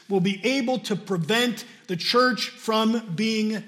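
A man's voice: sits high, takes it slowly, hardly any pauses, a bit bright. A man preaching a sermon and reading scripture aloud, stressing key words and repeating them for emphasis.

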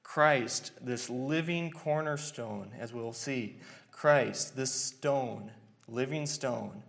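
Male preacher, gravelly and unhurried, earnest and halting delivery. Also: medium pitch, fairly bright tone. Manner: earnest, halting, with many fillers and restarts. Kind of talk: expository sermon.

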